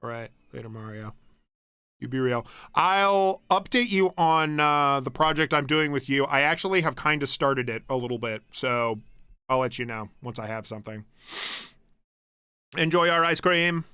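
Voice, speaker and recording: This young American streamer has a medium-pitched, sharp, clean voice at a moderate pace, captured in clean studio sound with no echo. Going through stream comments in casual chat from home, he rambles, restarts himself, and swears and laughs easily.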